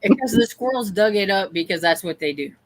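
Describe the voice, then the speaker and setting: A woman's voice: mid-range voice, animated, fairly quick, soft background music, low-quality recording. A woman co-hosting a casual stream, rambling through explanations in easy conversation. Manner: rambling, explaining things at length. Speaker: co-host. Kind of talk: casual chat.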